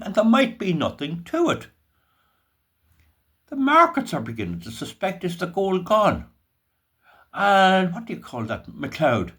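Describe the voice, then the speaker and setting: An older Irish man hosting his own channel, talking in a folksy, rambling monologue with restarts and asides. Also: mid-range voice. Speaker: channel host. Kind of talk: casual monologue.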